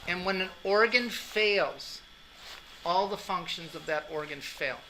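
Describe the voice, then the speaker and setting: A male anatomy instructor spins a rambling story for his class, chatty and quick to laugh at his own punchlines. His voice is very bright and sharp, with a faint bed of noise underneath. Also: high-pitched, poor audio. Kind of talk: lecture anecdote.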